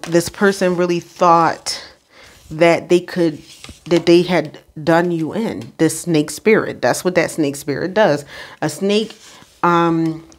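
A woman giving an intuitive spiritual card reading, speaking unhurriedly and checking in with the listener. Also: lowish voice. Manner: unhurried, frequent "all right?" check-ins; addresses the Holy Spirit aloud.

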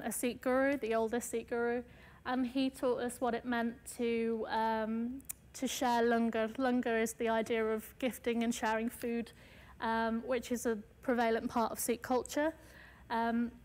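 A woman's voice: a little high, in a large hall. A woman artist giving a casual lecture, chatty, with many fillers and light self-mocking asides.

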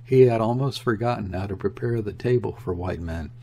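A man reading a classic novel aloud in a measured, even storytelling manner. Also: fairly low pitch, slightly rough. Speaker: audiobook reader. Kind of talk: audiobook narration of a classic novel.

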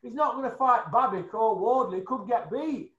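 A man's voice: extremely high pitch, moderate pace, a bit bright. A man ranting bluntly in casual chat, swearing freely and tagging his points with questions. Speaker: show regular. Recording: roomy, slightly dull sound.

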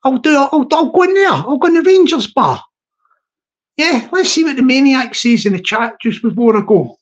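A man's voice: very high voice, big pitch swings, moderate pace, highs cut off. A man chatting casually on a live stream, rambling and repeating himself, laughing at his own jokes. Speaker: livestream host.

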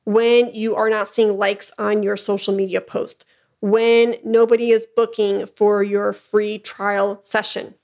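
A woman's voice: medium pitch, level tone, a little slow, gravelly, a little mellow. A woman hosting her own podcast, coaching listeners in an encouraging, emphatic way and often checking in with "okay?". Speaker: podcast host, flute business coach. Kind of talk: motivational solo podcast talk.

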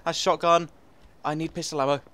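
A young Englishman with a high, light voice rattles through his game commentary at speed. He rambles, laughs a lot and gets excitable, with a faint hum of noise behind him at home. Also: brisk. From England. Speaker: gaming commentator. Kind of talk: casual gameplay commentary.

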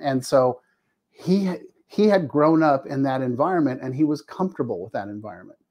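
A man's voice: medium pitch, moderate pace. A middle-aged man, a family addiction therapist, telling candid personal stories in a podcast interview and acting out the people he quotes. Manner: animated, acts out quoted dialogue, frequent restarts.

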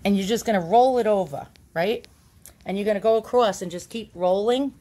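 Holding her phone in one hand indoors, a YouTube channel host walks through a home demonstration in a mid-range, dark-toned voice that runs a little fast. She's chatty, casual, and self-deprecating, with frequent ums and uhs, and is occasionally short of breath.

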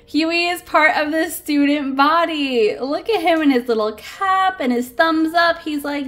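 A woman's voice: sits high, unhurried, hardly any pauses, fairly bright tone. A woman hosting a casual toy unboxing, gushing and giggling over each cute figure.

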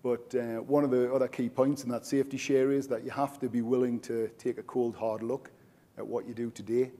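Mellow-voiced man giving a conference talk. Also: medium pitch, flat delivery, fairly quick. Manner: chatty, frequent "uh" fillers, informal. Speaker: general manager presenting. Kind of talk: conference presentation.

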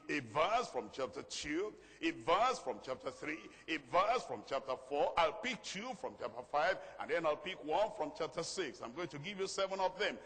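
High-voiced man preaching in a hall. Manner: emphatic, repeats key phrases, reads scripture slowly and loudly. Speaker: pastor. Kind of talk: sermon. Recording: long reverb of a large hall.

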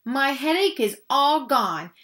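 A woman's voice: high-pitched, very animated, takes it slowly, a bit bright, pitched above the performer's own voice, full character voice. A woman voicing a proper lady guest of honor in a children's storybook read-aloud, polite and gracious. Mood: delighted.

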